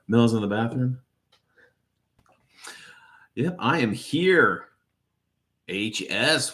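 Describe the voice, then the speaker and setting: A man's voice: mid-range voice, lively intonation, very slow, long pauses, a bit bright. A man hosting a casual livestream, rambling and profane as he greets viewers in chat by name. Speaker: livestream host.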